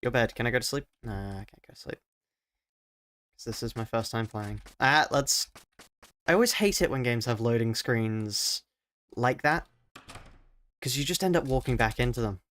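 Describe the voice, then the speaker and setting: A man's voice: mid-range voice, lively intonation, moderate pace, pauses often. Rambling Australian man streaming a game. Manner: rambling and self-mocking, thinks out loud. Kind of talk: live let's-play commentary.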